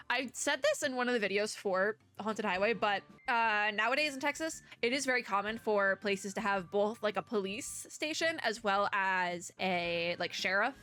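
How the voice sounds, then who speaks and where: A woman's voice: medium pitch, pushed and bright. A woman gaming creator giving casual let's-play commentary, reading story text with chatty, laughing asides.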